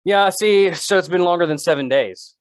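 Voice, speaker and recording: A man co-hosting an improvised comedy podcast, rambling and joking with big swings in pitch. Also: normal speed, clean tone, dry recording, clean studio sound. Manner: rambling, jokey, shifts pitch a lot. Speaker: podcast co-host.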